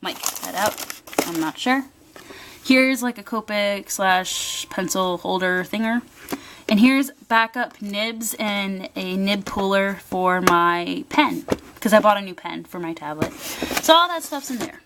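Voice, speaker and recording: A young woman giving a rambling, excitable tour of her art desk at home, talking into a handheld camera. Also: mid-range voice, unhurried, noisy background. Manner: chatty, rambling, excitable, many fillers. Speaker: artist showing her workspace. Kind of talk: casual vlog tour. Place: home desk area, indoors.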